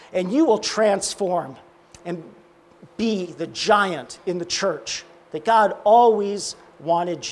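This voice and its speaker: High-voiced man telling a sermon parable. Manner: acts out dialogue in quotes, dropping low and quiet. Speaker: preacher. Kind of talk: sermon storytelling.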